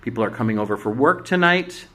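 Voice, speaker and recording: A man hosting a spiritual astrology talk, giving blunt, preachy exhortations with swearing, swinging from loud urging to hushed asides. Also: medium pitch, lively intonation, fast. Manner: commanding exhortations. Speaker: spiritual astrology show host. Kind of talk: emphatic motivational monologue.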